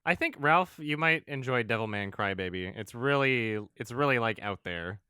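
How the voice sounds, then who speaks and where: A man co-hosts a casual podcast in a bright, clean, mid-range voice with a crisp edge, speaking at normal speed. He's relaxed, laughs easily, and often trails off into fillers. His close mic gives a dry recording.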